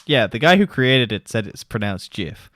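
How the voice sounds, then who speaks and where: A man's voice: mid-range voice, expressive, moderate pace, fairly bright tone, no room sound. A man co-hosting a podcast in casual chat, blunt and scoffing, swearing freely. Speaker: podcast co-host.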